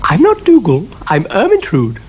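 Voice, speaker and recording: A man's voice: very high-pitched, wildly swooping pitch, moderate pace, darkish tone, a little hiss or hum, voice pushed up, heavily acted. A British man voicing a genteel, vain female cow who calls everyone dear. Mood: proud.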